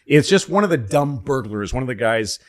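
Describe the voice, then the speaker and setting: A man's voice: mid-range voice, brisk. A man in a casual chat, rambling through history stories, quoting people and swearing. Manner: rambling, animated history storytelling with quoted voices and profanity.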